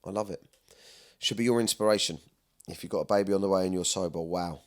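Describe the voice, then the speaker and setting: Speaking quickly in a low register, a male podcast host talks candidly and at length about personal things. He's earnest and meandering, often asking "do you know what I mean."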